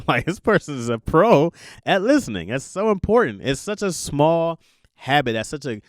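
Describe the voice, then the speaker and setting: Animated man telling stories, dry sound. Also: a little high, normal speed, dry recording. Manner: animated storytelling with voiced asides and laughs. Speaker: podcast host. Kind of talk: casual monologue.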